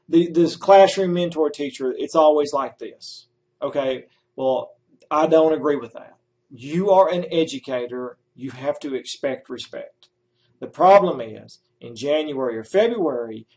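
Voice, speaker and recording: A middle-aged man with a fairly high voice coaches student teachers in a direct, emphatic way. He hammers home his points by saying them again. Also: a little mellow. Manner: emphatic, repeats key points. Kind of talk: advice talk to student teachers.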